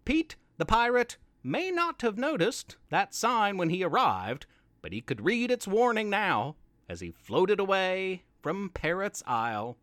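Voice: mid-range voice, measured pace, no room sound. A storyteller host reading a playful scripted children's story aloud. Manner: playful, expressive read-aloud.

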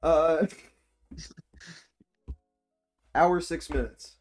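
A man's voice: a little high, very slow, darkish tone, soft background music. Swearing, bossy podcast host guy. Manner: bossy, joking, swears freely. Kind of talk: casual chat.

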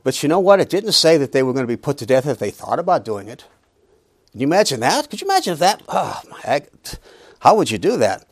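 A man's voice: on the high side, very animated, quick pace, breathy edge, no echo. A middle-aged man teaching a Bible lesson in an emphatic preaching style, with humorous asides.

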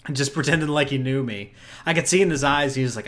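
Talking fast in a mid-range, fairly bright voice, the podcast host rambles through a relaxed recap of a convention. He laughs a lot and keeps starting his sentences over.

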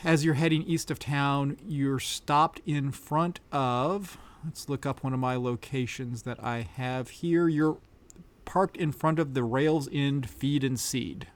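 This man, also running a tabletop game, speaks at a medium pitch in a steady tone and takes his time. His narration is relaxed, and he thinks out loud, using fillers as he goes.

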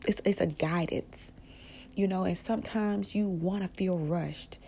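A woman hosting a casual spiritual podcast, speaking softly and often slipping into a whisper, rambling with restarts. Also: lowish voice, unhurried, gravelly, a little hiss or hum. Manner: soft-spoken, often drifting into a whisper. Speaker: podcast host.

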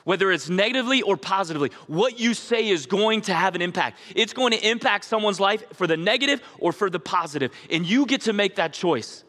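A man in his forties preaching a sermon as pastor, telling stories with joking asides and rising to near-shouts. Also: high voice, animated, brisk, few pauses, big-room sound. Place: church.

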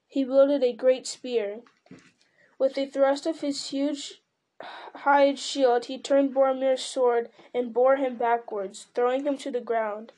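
A woman's voice: high-pitched, level tone, slow pace, warm tone. A woman reading a fantasy novel aloud in dramatic storytelling style, with occasional slips and restarts. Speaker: reader.

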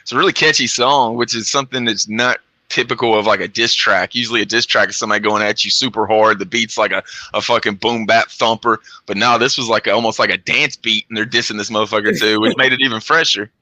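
A man's voice: on the low side, steady tone, fast, few pauses, bright, forceful tone, no echo, poor audio. A man co-hosting a podcast in casual chat, talking loosely with plenty of swearing and frequent restarts. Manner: profane, loose, trailing restarts. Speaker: podcast co-host.

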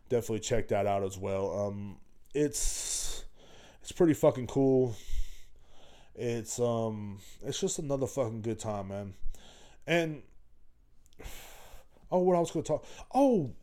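A podcast host from Texas delivers a casual, rambling solo rant full of profanity and bluntness, his voice medium-pitched and mellow.

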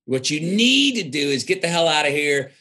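His voice runs high, sing-song, bright and forceful at a moderate pace. A Texas man being interviewed, he tells stories in a reflective drawl and performs the voices of those he quotes.

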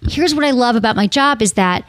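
A woman's voice: a little high, lively intonation, fairly quick, no echo, clean studio sound. A woman hosting a podcast about sex and relationships, talking in a casual, chatty way full of "like" fillers.

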